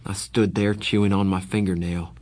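A man narrating an audiobook in the first person, with a steady, reflective storytelling manner. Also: deep voice, moderate pace, no echo.

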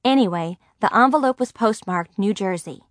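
A woman reading a first-person audiobook aloud, telling the story in a lively, expressive way. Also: medium pitch, normal speed, no echo, clean studio sound. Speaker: audiobook narrator.

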